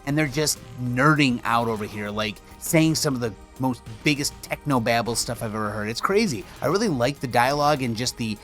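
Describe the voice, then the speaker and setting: A man's voice: medium pitch, animated, brisk, few pauses, fairly bright tone, soft background music. Laid-back man narrating gameplay. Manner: laid-back and joking, with casual slang. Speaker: gaming channel host. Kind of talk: casual gameplay commentary voice-over.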